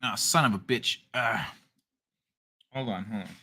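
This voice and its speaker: A man's voice: on the low side, measured pace, sharp tone. A man hosting a casual late-night stream, chatting loosely and swearing while reading chat aloud. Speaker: streamer host.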